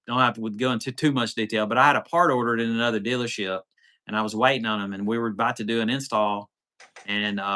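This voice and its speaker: A man chats on a livestream, winding through a long story and acting out the back-and-forth of each conversation. His voice is bright and forceful, and his pitch sits in an ordinary middle range. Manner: rambling storyteller, acts out quoted dialogue. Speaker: off-road channel host. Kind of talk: casual livestream chat.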